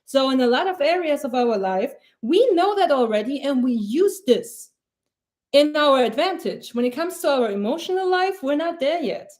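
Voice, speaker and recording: A woman's voice: high voice, sing-song, moderate pace, a little mellow. A young woman giving a casual, rambling pep talk as a mindset coach on a live stream, blunt and swearing freely.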